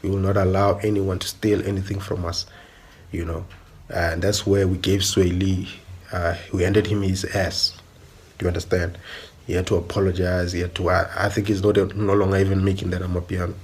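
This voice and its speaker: Emphatic young South African man, husky. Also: deep voice, flat delivery, moderate pace. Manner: emphatic, repetitive, rhetorical questions. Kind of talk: opinion monologue.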